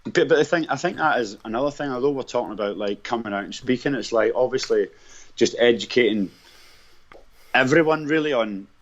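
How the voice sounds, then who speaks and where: A man talks bluntly on a podcast, swearing freely in an ordinary mid-pitched voice. His sound comes through dull and lo-fi. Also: a little fast. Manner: blunt, heavy swearing, agreeing backchannels. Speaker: podcast guest, footballer. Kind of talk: casual podcast chat.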